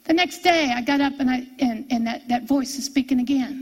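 A middle-aged woman preacher telling a personal story in a sermon, animated and repeating key phrases for emphasis. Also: a little high, brisk, slightly rough, low-quality recording.

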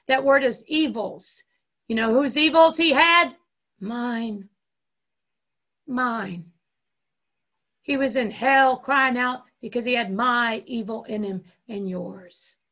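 A woman pastor delivers an impassioned sermon and leans on repeated phrases. Her voice sits high and sounds bright, with a gravelly rasp. She speaks slowly, and the recording sounds dull and lo-fi. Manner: impassioned preaching with slow, drawn-out emphasis and repeated phrases.

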